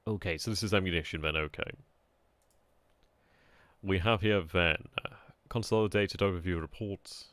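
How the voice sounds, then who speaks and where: A man casually commentating as he plays a strategy game, chatty and excitable, often laughing at himself. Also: sits low, normal speed, long pauses, no echo. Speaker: gameplay commentator. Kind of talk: casual let's-play commentary.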